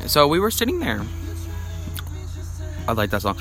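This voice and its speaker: A man's voice: on the high side, huge pitch swings, moderate pace, bright, forceful tone, soft background music, poor audio. A young adult man, a podcast guest, rambling through a story in casual chat with many fillers.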